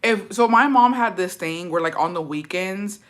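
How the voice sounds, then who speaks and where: A woman vlogger with a mid-range, bright and ringing voice reads out viewer comments at normal speed and responds to each one. Her storytelling is animated, blunt and slangy, with plenty of swearing.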